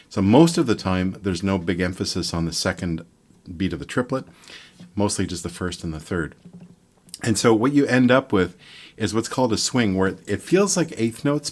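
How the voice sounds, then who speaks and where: An older man from Montreal giving a relaxed, rambling online guitar lesson, counting beats and scatting rhythms aloud. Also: sits low, normal speed. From Montreal, Quebec, Canada. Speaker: guitar teacher.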